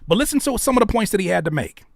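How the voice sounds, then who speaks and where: A man hosting reaction commentary, swinging between heated ranting and hushed asides. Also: sits high, lively intonation, rapid-fire, gravelly, no room sound, studio quality. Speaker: host.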